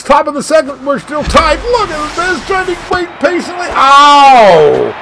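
A man giving live play-by-play of his own video game as a channel host, swinging between shouts and dejected muttering. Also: sits high, gravelly. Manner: mild swearing, "freaking" and "dang it" catchphrases.

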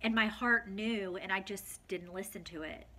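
A woman's voice: medium pitch, normal speed, sharp tone. A woman in her forties talking heartfelt and tearful in a personal vlog, full of fillers. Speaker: vlogger.

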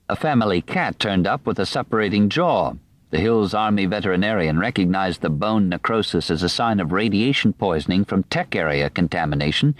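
A man narrating a nonfiction audiobook in a measured, even reading voice on a studio microphone. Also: sits low, no echo.

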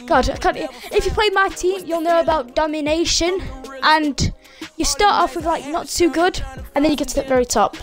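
A woman giving excited, chatty commentary on her own basketball video game match, hosting her gaming channel from a room at home. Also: high-pitched, normal speed, few pauses, faint music behind. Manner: excitable, chatty, cheers and groans at plays. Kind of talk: live gameplay commentary. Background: friends talking in the background.

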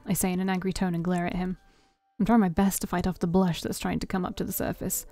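A woman streamer reading a story game aloud in expressive first-person narration. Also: on the low side, a little fast, faint music behind. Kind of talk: reading a visual novel aloud.

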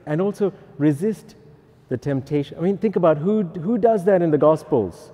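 A man's voice: a little high, moderate pace, in a large hall. A male Catholic priest giving a humorous, teasing talk to pilgrims. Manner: joking, lively, teasing.

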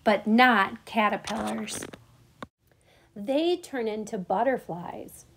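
A woman reads a picture book aloud at an unhurried, gentle pace. Her voice sits a little higher than most, calm and measured as she tells the tale. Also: slight background noise. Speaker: storyteller.

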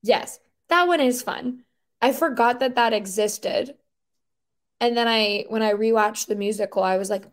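Woman rambling on a podcast, kinda high voice, lots of "like", gets worked up fast. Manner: animated, rambling, lots of "like" fillers; incredulous outbursts. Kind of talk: casual podcast chat.

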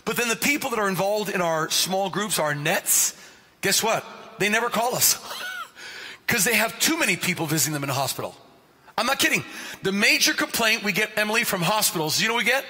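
Bright-voiced animated male pastor. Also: sits high, a little fast. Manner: animated, joking storyteller who addresses listeners by name. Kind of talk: sermon. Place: church sanctuary. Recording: long reverb of a church sanctuary.

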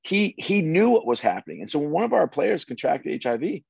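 A middle-aged man, a former sports executive, telling stories as an interview guest in an animated, restarting way. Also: a little high, brisk, gravelly, husky, dry recording. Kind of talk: casual interview storytelling. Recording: dry, slightly dull audio.

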